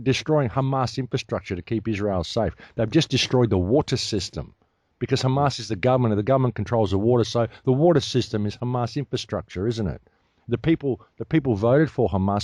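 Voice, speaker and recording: A low, mellow-toned man speaks as an interview guest. He talks in an emphatic, indignant rant. The sound is dry, with little room around it. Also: dry recording. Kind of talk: heated interview talk.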